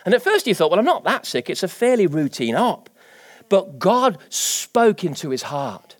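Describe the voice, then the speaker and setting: A middle-aged man delivers a sermon from the pulpit. His voice sits notably high, and he talks animatedly, swelling into emphatic, declarative peaks. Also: sing-song, moderate pace. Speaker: pastor.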